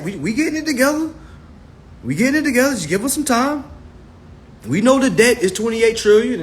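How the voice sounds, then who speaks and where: A man's voice: high voice, a bit bright, slight background noise. A man hosting a casual livestream, talking straight to his viewers in a loose, swearing manner, recorded on a phone. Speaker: livestream host.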